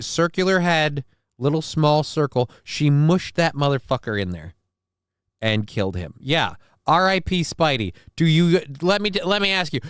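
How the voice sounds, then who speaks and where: Congested from a sinus infection, an adult father of a six-year-old runs a casual live stream from his home basement, his desk mic right by his face. He rambles and cracks crude jokes, sneezing and sniffing often. The recording is dry, and his fairly high voice sounds a bit bright, clear and resonant.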